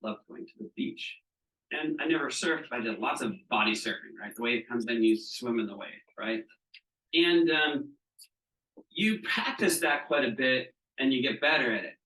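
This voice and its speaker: Bright-voiced man telling stories in an echoey room. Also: medium pitch, expressive, normal speed. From Southeast Florida, US. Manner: storyteller who acts out quotes and keeps asking "right?". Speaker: trainer. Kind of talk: teaching with stories. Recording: echoey room, mic at a distance.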